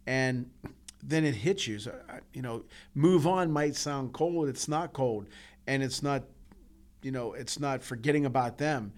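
A man's voice: mid-range voice, measured pace. A man co-hosting a podcast, telling personal stories in an earnest, emotional way, with frequent restarts and repeats. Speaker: podcast co-host. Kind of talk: casual heartfelt podcast talk.

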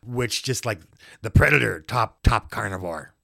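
A man casually recapping an old wrestling match for a co-host, jokey and animated, acting out the wrestlers' yells. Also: fairly low pitch, normal speed, gravelly, no echo, clean studio sound. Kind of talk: casual play-by-play chat.

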